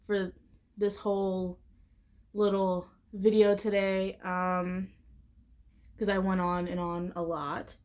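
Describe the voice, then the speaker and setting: A woman talks to her viewers in a loose, casual vlog. She rambles and circles back on herself, leaning on "like" in almost every phrase. Her voice sits in an ordinary middle range. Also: mid-range voice. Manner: rambling, heavy use of "like" fillers. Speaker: YouTuber.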